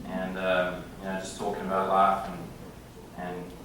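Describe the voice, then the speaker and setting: A man in his thirties delivers an acceptance speech in a halting way, with frequent pauses and filler sounds. His voice sits low. It comes from across a very echoey banquet hall, with clear room noise behind him. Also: monotone, a bit bright, distant mic. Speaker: hall of fame inductee. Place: large indoor banquet room.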